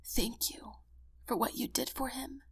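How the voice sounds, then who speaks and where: A distraught soldier's wife talks in a soft, shaky, tearful voice, as a woman narrator reads her part. Her pitch moves lively up and down as she struggles to speak. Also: unhurried, vocal fry, a little hiss or hum.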